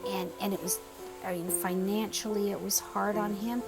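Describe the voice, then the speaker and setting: A woman interviewed for a documentary, speaking earnestly and haltingly. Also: medium pitch, steady tone, vocal fry, over loud music, poor audio.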